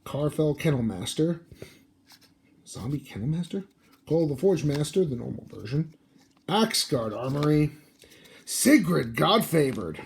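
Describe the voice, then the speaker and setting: A man's voice: a little high, big pitch swings, a little slow, creaky, long pauses, husky. A sleepy, yawning man casually reading out card names as he opens booster packs. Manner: reads card names aloud in a muttering, offhand way. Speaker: card-opening video host. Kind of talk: casual card unboxing commentary.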